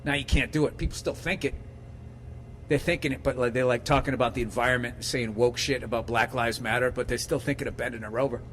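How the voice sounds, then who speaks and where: A man's voice: mid-range voice, quick pace, slight background noise. A middle-aged man rambling through a casual, profane monologue, acting out other people's lines as he tells stories. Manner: profane, rambling, animated storytelling with acted-out quotes.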